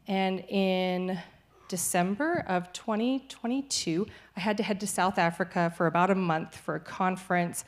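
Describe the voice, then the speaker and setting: Cheerful missionary woman giving a testimony. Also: on the low side. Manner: cheerful, laughs through hard news. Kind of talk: church testimony talk. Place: church sanctuary.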